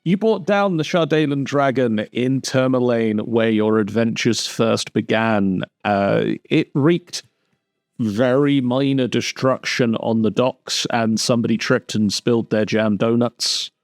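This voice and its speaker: A man narrating a tabletop game as dungeon master on a live stream, in an unhurried way with pauses. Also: mid-range voice, no echo, clean studio sound.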